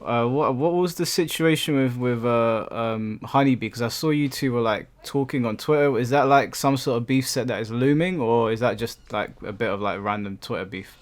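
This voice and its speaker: A man hosting an interview, asking questions quietly and hesitantly. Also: mid-range voice, normal speed, few pauses. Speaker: interviewer, host. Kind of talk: casual interview.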